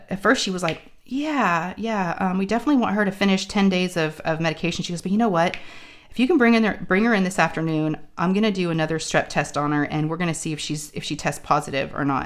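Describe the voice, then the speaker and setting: Host: chatty woman, lowish voice, sore throat, acts out dialogue. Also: fast. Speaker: crafting channel host. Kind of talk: casual chat storytelling.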